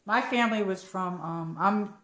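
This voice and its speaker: A woman's voice: mid-range voice, moderate pace, reverberant. An American woman hosting a casual live-chat stream from home, rambling and reading out viewer comments. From United States. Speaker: livestream host.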